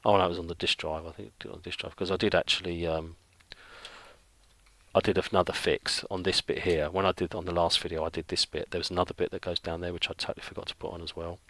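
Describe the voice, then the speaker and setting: A man's voice: low-pitched, flat delivery, fast, a bit bright. A middle-aged man who chats casually while drawing, rambling and thinking aloud with lots of fillers. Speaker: illustrator.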